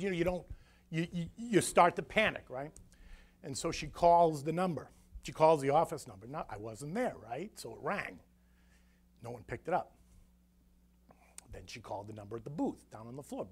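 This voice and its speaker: A middle-aged man addresses an audience as a guest speaker, recounting events in a lively, conversational storytelling manner. His voice sits somewhat high for a man, and he keeps pulling the listeners in with quick asides. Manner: animated, conversational, frequent "right?" asides.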